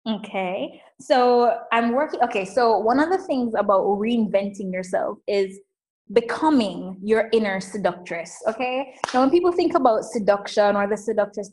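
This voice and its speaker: A woman coach talking in a casual interview, emphatic and animated, often saying "like". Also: mid-range voice, moderate pace, poor audio. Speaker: coach and guest.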